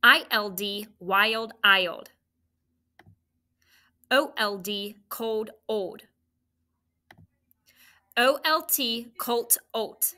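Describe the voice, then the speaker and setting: Female teacher, bright and slow, drills sounds for third graders. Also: on the high side. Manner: clear, step-by-step sound drilling. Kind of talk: phonics drill for children.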